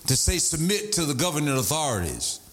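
Animated preacher man with lively swings. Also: fairly quick. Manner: animated preaching, shouting and sing-song swings into a high voice. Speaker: pastor. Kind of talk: sermon.

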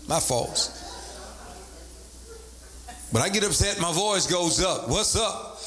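A man's voice: unhurried, vocal fry, pauses often. A man preaching a sermon as bishop, repeating points and rising into sing-song emphasis. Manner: animated, swoops from low to high pitch, sing-song emphasis.

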